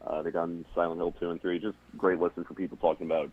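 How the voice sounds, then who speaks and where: Deep-voiced male caller on a tinny line. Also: level tone, quick pace, husky. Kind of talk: casual chat. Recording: tinny phone-like call line.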